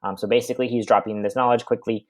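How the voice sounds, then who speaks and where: A man's voice: mid-range voice, steady tone, quick pace, dry recording. A young man teaching, reading passages aloud and then explaining them in casual words with fillers.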